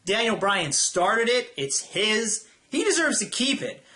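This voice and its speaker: Profane ranting young man, bright voice. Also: high-pitched, big pitch swings, measured pace. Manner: profane, exasperated, blunt. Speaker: wrestling show reviewer. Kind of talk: ranting weekly show review.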